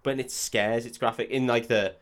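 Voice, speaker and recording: A man's voice: mid-range voice, steady tone, a little fast. A man, co-hosting a podcast in casual chat, recapping a film, swearing freely and acting out the characters. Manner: swears freely, acts out characters, laughs often.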